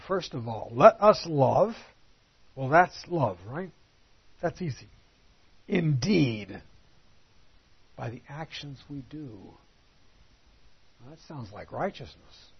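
A man teaching through a Bible passage in a conversational way, asking rhetorical questions and reading scripture slowly and deliberately. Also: fairly high pitch, big pitch swings, husky, dull audio.

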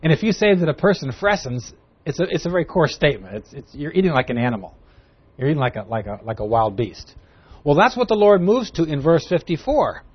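A man's voice: on the high side, fairly quick, husky. Emphatic man teaching scripture, lo-fi. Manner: lively, emphatic, reads scripture aloud. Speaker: Bible teacher. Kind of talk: expository Bible teaching. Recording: dull lo-fi recording.

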